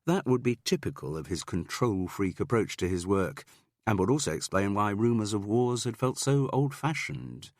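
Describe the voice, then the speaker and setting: A man narrating an audiobook in a steady, measured way with dry wit. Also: fairly low pitch, no room sound.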